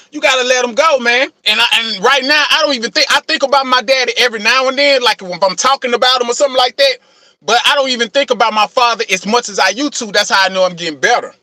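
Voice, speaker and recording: A man's voice: very high-pitched, quick pace, sharp tone, no echo, clean studio sound. A man in an impassioned, profane rant, repeating "man" and "you know what I'm saying" as he drives each point home. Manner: calls himself passionate, gets things off his chest.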